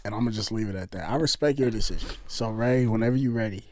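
A man's voice: on the low side, fast, darkish tone, a little hiss or hum. A man from New York with a New York accent, chatting casually as a podcast guest in a laid-back, streetwise way. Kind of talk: casual chat.

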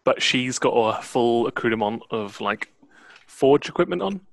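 A man running a tabletop game as game master, in a relaxed, laid-back way. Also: mid-range voice, normal speed, gravelly, no echo.

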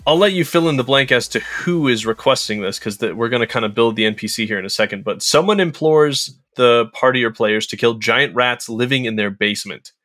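A man's voice: mid-range voice, brisk, few pauses, fairly bright tone, no room sound. Male podcast host and game master; casual, upbeat, conversational delivery.

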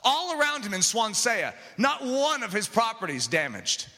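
A man preaching a sermon with passion, dropping to quiet asides and rising to shouts. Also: extremely high pitch, huge pitch swings, normal speed. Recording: long hall reverb.

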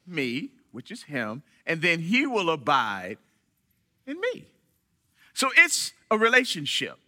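Lively, bright-voiced preaching man. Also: high voice. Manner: animated preaching with dramatic pauses and quoted voices. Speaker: church member giving a sermon. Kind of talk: sermon.

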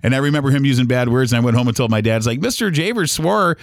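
A man's voice: mid-range voice, steady tone, very fast, darkish tone, clear, resonant tone, no echo, studio quality. A middle-aged man from Ohio reminiscing about his old neighborhood in a casual, rambling monologue full of fillers and restarts. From Toledo, Ohio. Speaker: podcast host.

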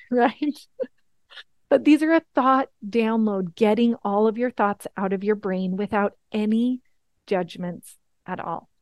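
A woman's voice: medium pitch, slow pace, a little mellow, no echo. A woman in her thirties teaching a coaching webinar, earnest and encouraging, often checking in with "right?". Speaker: life coach.

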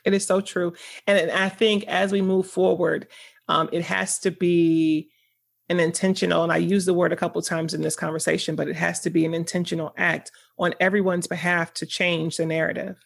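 A woman's voice: fairly low pitch, little pitch movement, brisk, gravelly. A woman guest on a podcast, talking earnestly and candidly in casual conversation, often laughing and searching for her words.

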